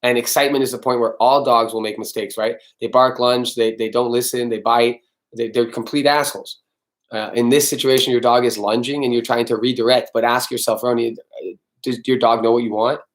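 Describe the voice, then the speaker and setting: A man's voice: mid-range voice, steady tone, brisk. A man hosting a casual live-stream Q&A as a dog trainer, talking bluntly, swearing freely and answering viewers by name.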